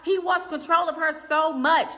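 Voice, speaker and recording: High bright sassy woman ranting. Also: steady tone, normal speed. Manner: blunt, profane, sassy. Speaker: commentary channel host. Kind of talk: drama commentary rant.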